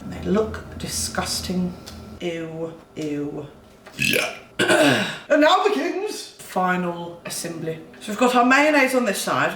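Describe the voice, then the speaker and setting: A woman's voice: mid-range voice, a bit bright, a little hiss or hum. A young woman in her twenties hosting a comedic cooking vlog, putting on a playful mock English accent with cheeky, profane, self-mocking asides. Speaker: host. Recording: echoey room, mic at a distance.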